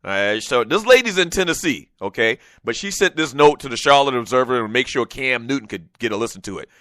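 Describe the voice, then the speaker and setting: A man hosting a casual sports talk show, animated and chatty, talking straight to his listeners. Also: mid-range voice, brisk, no room sound.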